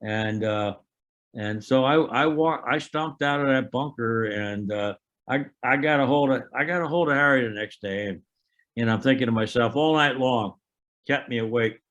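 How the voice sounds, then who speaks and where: A man in his eighties telling an oral history of his army years, a halting storyteller who restarts often and acts out remembered dialogue. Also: medium pitch, a bit bright, lo-fi sound. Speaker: veteran interviewee.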